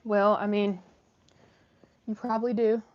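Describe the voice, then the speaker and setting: A woman's voice: mid-range voice, flat delivery, measured pace, muffled recording. A woman hosting a live stream, chatting casually with viewers and reading their messages, with many fillers and restarts. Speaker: livestream host reading chat.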